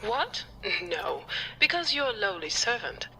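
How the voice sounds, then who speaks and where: A woman's voice: a little high, sing-song, unhurried, pushed and bright, a little hiss or hum, exaggerated voice, poor audio. A woman voicing a pompous female psychiatrist in a video game who puts on a fake German accent and talks down to a servant in a snobbish way. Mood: haughty. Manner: haughty, snobbish.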